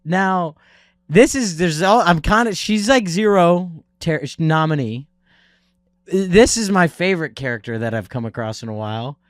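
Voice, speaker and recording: A young man co-hosting a comedy podcast, telling a story in an animated way and acting out the people in it. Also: on the high side, normal speed, no room sound, studio quality, faint music behind. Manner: animated storyteller, acts out voices in anecdotes. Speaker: podcast co-host. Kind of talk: casual comedic chat.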